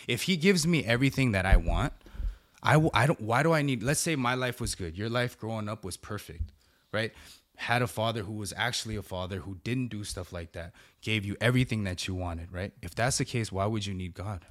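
A middle-aged man with a fairly low voice talks in an earnest, casual way. He keeps adding "bro" and "right?" as he shares stories from his church life. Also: fairly bright tone. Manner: earnest and conversational, peppers speech with "bro" and "right?". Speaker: podcast guest, church preacher. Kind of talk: casual chat.

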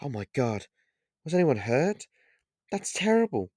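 A man's voice: on the high side, big pitch swings, a little slow, no room sound, studio quality, pitched above the performer's own voice. A man voicing a cheerful young woman bartender who teases her regulars in a raised voice. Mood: concerned. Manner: gently teasing, bright raised voice.

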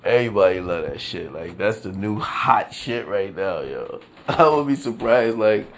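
Speaking in a lowish, unhurried voice, a man runs his own podcast with ranting, casual commentary. It's animated and full of laughter, loaded with swearing and New York street slang.

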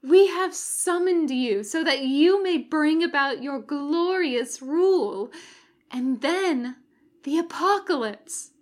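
A woman's voice: high-pitched, lively intonation, slow pace, darkish tone, voice pushed up. A woman voicing a young female cultist who speaks formally and zealously to her summoned master. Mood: exultant. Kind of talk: fan audiobook reading.

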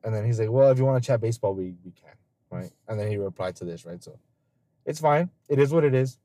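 Podcast host, male, dark mellow tone, dry close sound, swears a lot, loose storyteller. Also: fairly low pitch, animated, fast, dry recording. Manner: laughs often. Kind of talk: casual podcast chat.

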